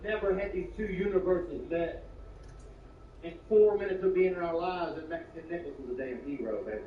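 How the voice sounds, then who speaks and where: A man telling a stand-up story with lots of energy. He swings from hushed asides to loud bursts and uses slang and swearing. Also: a little high, a little fast. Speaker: stand-up comedian. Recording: roomy, distant, muffled, with clear background noise.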